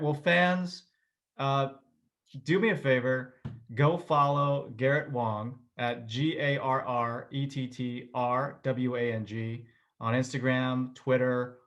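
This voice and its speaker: A man hosting an interview over a video call, asking questions and reacting with quick exclamations. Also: mid-range voice, fairly bright tone, highs cut off. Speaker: interview host.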